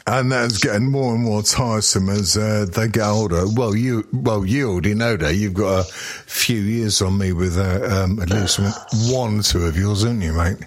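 A man's voice: on the low side, normal speed. A middle-aged man co-hosting a podcast, chatting in a rambling, self-mocking way, swearing freely. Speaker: podcast co-host. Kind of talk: casual profane chat.

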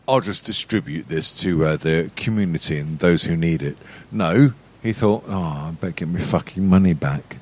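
Man, low voice, lively pitch, mock-earnest, sweary. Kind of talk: crude comedic banter.

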